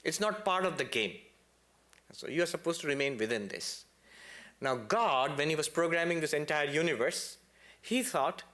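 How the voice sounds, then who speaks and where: A man giving a spiritual lecture to a temple congregation, telling stories in a lively way with playful asides and sudden high, emphatic peaks. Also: normal speed.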